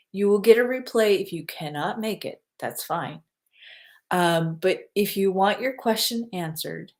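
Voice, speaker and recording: A woman's voice: fairly low pitch, a little mellow. A woman working as a psychic medium, chatting casually on a livestream and repeating her reminders.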